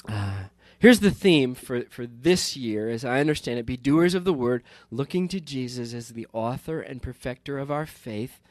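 This medium-pitched man has lively intonation, speaks at normal speed with few pauses, and there's no room sound. A pastor in his fifties, he chats casually from the pulpit, rambling happily, laughing, and restarting sentences.

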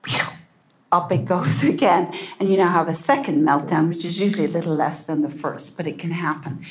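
A woman giving a calm, gentle talk to parents, often dropping to a soft hush. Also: lowish voice, fairly quick. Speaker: parenting speaker. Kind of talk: talk to an audience.

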